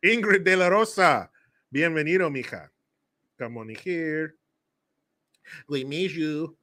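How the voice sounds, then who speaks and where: A man hosting a political commentary show, sarcastic and animated, often laughing and swearing. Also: fairly high pitch, slow pace, long pauses. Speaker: host.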